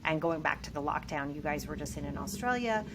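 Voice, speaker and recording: Animated, emphatic woman. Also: sits low, brisk, very noisy. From United States. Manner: emphatic and animated, swears freely. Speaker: podcast guest. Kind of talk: casual podcast conversation.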